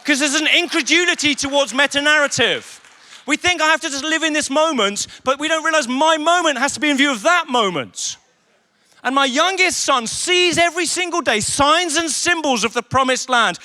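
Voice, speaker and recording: A man's voice: very high-pitched, moderate pace. A man preaching a sermon at a leaders' conference, telling stories with humour and acting out the voices of the people he quotes. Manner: animated storytelling with humour. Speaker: conference speaker. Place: conference venue.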